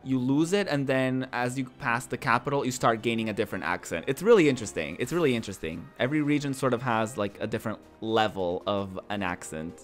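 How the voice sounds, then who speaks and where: Male streamer, rambling chat, mid-pitched, faint music behind. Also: lively intonation, fast, few pauses. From northern Portugal. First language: Portuguese. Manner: chatty, rambling, repeats his words. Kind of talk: casual chat while gaming.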